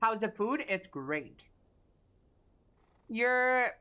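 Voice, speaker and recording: A woman's voice: mid-range voice, very animated, a little slow, fairly bright tone. A young woman streamer chatting casually with her live chat, reading messages aloud, answering offhand and swearing freely.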